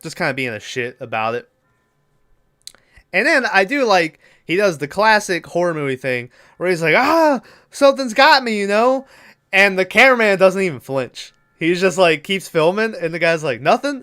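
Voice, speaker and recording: A man co-hosting a podcast, casually retelling a movie plot with lots of swearing and quick impressions of the characters. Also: a little high, very animated, sharp tone, clean tone. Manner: rambling, swears freely, acts out characters' lines. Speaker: podcast co-host. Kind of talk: casual movie recap chat.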